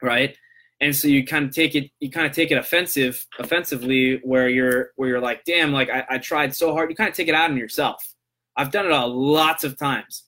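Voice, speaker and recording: Bright-voiced man rambling through a podcast. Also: medium pitch, fairly quick. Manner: rambling, loose and conversational, tags lines with "right?". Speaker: podcast host. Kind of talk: casual solo podcast monologue.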